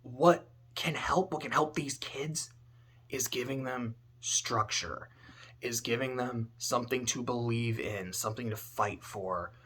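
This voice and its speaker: A man talking casually about a story, animated and swearing, swinging between loud outbursts and low muttering. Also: measured pace, breathy edge. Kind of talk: casual spoken commentary.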